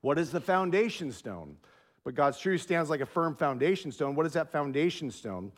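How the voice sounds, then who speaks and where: A man's voice: on the high side, sing-song, moderate pace. A male pastor giving a sermon in a conversational way, telling personal stories and repeating key phrases for emphasis. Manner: drops to a soft hush when telling a quiet story.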